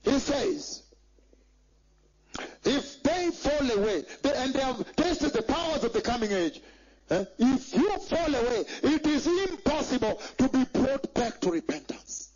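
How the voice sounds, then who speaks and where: Emphatic male preacher with a very high voice, muffled lo-fi recording. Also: sing-song, a little slow, darkish tone, slightly rough. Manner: emphatic, repeats phrases and asks the congregation for agreement. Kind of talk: sermon. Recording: dull lo-fi recording.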